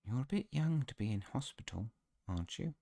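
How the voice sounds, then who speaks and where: A man voicing a harried hospital receptionist in a video game, brisk and dismissive. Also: medium pitch, big pitch swings, vocal fry, warm tone, no room sound, clean studio sound, voice pushed up. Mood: brisk, busy.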